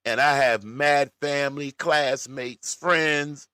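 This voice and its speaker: Slow folksy man, bright voice. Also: on the high side, big pitch swings, no echo, studio quality. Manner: folksy, talks straight to his audience. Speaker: commentary host. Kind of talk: casual reaction commentary to viewers.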